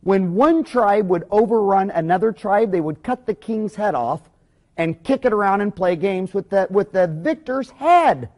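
A man with a high voice for a male speaker delivers a recorded business lecture as a dentist. He talks in a rambling, blunt, folksy way, jumping from one anecdote to the next. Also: lively intonation, normal speed, a little mellow.

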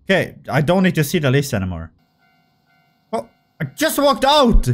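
A young man with a high, bouncy voice that leaps all over the place talks through a horror game. He is excitable and jokey and swears freely. Faint game music plays behind him. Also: normal speed. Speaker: gaming video creator. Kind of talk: casual horror game commentary.

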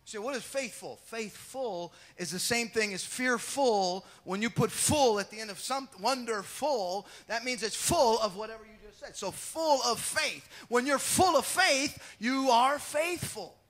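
A male pastor preaching an animated sermon, acting out Bible scenes and joking with the congregation. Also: extremely high pitch. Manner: animated, acts out the Bible scenes in quick voices and shouts; jokes with the congregation.

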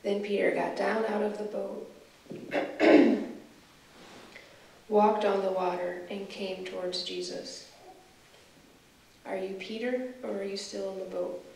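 A woman guest speaker leading a guided scripture meditation, asking the listener slow, reflective questions. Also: mid-range voice, fairly even intonation, gravelly, a little mellow. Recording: echoey room from far off, faint hiss.

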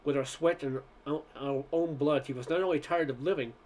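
A man's voice: fairly high pitch, steady tone, brisk, a little mellow. A man reading a short story aloud, narration and dialogue in one voice, stumbling and restarting on some words. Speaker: amateur reader.

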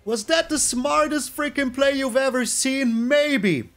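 A man giving excitable, animated live commentary over his own card game, now and then breaking into loud shouts. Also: very high-pitched, measured pace, faint music behind. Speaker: gaming YouTuber.

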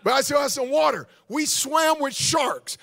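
High-pitched gravelly preacher man. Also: normal speed, shouting. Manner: animated storytelling preacher, calls for audience response. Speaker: guest pastor. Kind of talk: sermon.

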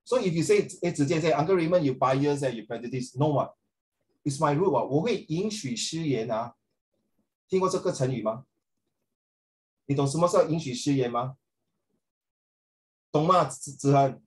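Joking Singaporean teacher, higher voice. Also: male voice, normal speed, pauses often, poor audio. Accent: Singaporean English. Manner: animated, joking, sarcastic; sprinkles in Mandarin phrases. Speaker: social studies teacher. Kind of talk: classroom teaching.

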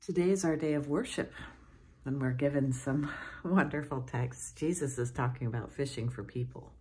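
A middle-aged woman with a low voice gives a morning devotion as a cathedral dean. She tells the story in a relaxed, chatty way and often chuckles along the way. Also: normal speed, slight background noise. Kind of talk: devotional sermon with a closing prayer.

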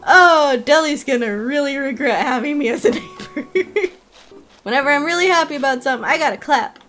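A woman streaming a video game, chatting casually, giggly and excitable, squealing when something delights her. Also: high voice, brisk, soft background music. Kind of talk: casual gameplay commentary.

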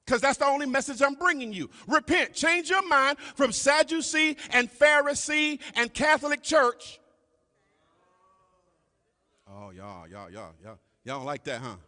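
Recorded via live stream amid the long reverb of a church sanctuary, a pastor with a bright, forceful tone preaches to his congregation. He trades calls and responses with them, says "y'all" repeatedly, and sinks to quiet murmurs between his emphatic lines.

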